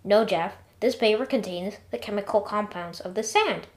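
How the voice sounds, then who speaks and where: A woman's voice: mid-range voice, moderate pace, close to an everyday voice. Woman playing a female robot computer, matter-of-fact, dry, lightly scolding. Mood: lecturing.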